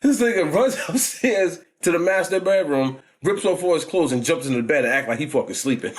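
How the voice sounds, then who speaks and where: Brief: New York man, forties, vlogger telling street stories, slangy, lively pitch, slightly high voice. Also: a little fast. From New York, United States. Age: 40s. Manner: animated, laughing, street slang with frequent "you know what I'm saying". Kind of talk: casual storytelling.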